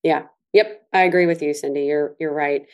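A woman co-hosting a casual podcast. Her voice sits a little low for a woman. She tells stories and chimes in with easy agreement. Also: fairly even intonation, normal speed, darkish tone. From Southern US. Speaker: podcast co-host. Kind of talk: casual chat.

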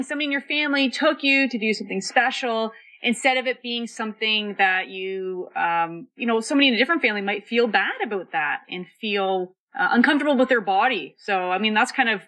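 Woman co-host, casual chat, measured and thoughtful, bright tone. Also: mid-range voice. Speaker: podcast co-host.

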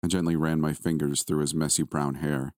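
Deep-voiced man narrating a story. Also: no room sound, clean studio sound. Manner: calm, measured storytelling. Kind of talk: first-person scripted narration.

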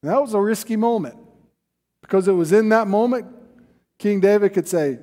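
A man preaches a sermon in an earnest, emphatic way, driving points home by repeating them. His voice sits high for a man. Long reverb from a large hall trails behind each phrase. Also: moderate pace, warm tone. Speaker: pastor.

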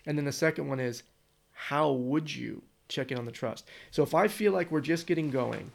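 A man's voice: on the high side, normal speed, creaky. An American man in casual conversation, thinking aloud in long rambling turns full of restarts.

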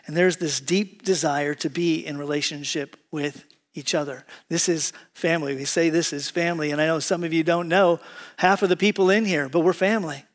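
High-voiced pastor preaching conversationally. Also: male voice, fairly quick. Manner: conversational, joking, animated quoting. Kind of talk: sermon with prayer and humorous stories. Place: church sanctuary with congregation.

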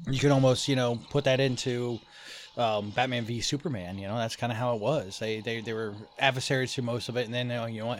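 Co-host, male, mid-pitched, dry matter-of-fact delivery, casual movie chat. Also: steady tone, quick pace, slight background noise.

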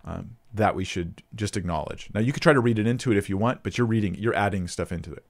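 Low-voiced man teaching scripture. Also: fast. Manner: thinks aloud, restarts, reads scripture passages with emphasis. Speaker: Bible teacher answering viewer questions. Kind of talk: casual teaching Q&A.

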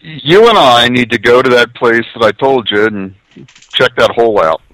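A man's voice: mid-range voice, moderate pace, fairly bright tone, dry recording, low-quality recording. A man co-hosting a casual podcast who chimes in with wry, teasing asides. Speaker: podcast co-host. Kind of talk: casual chat.

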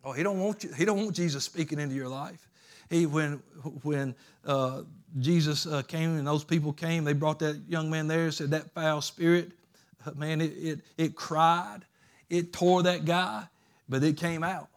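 A pastor preaches a sermon in a fairly high male voice. He swings between loud, urgent climaxes and soft, low passages, repeating his phrases for emphasis in a loose, colloquial way. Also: steady tone, normal speed.

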